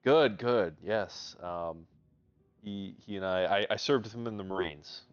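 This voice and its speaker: A man's voice: on the low side, a little slow, clean tone, dry recording, highs cut off, faint music behind. A man playing his character in a tabletop role-play game, hesitant and polite, with many ums. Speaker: player.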